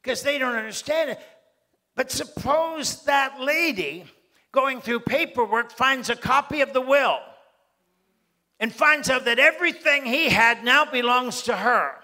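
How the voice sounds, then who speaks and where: Bright high-voiced animated male preacher. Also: unhurried. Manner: animated, acts out little scenes with voices. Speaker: pastor. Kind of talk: sermon.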